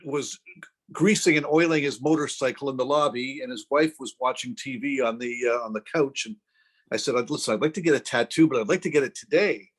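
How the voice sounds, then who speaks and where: A man's voice: mid-range voice, a little fast, breathy edge. A middle-aged man casually telling a self-deprecating story as a podcast co-host, acting out the voices of the people in it. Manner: anecdotal, self-deprecating, acts out quoted voices.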